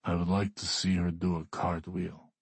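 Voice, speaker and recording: A man voicing a bored, blunt male billionaire in an audiobook, speaking flatly and without interest. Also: slightly rough, dry recording, heavily acted. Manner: flat, unimpressed, slow and low. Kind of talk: audiobook character voice.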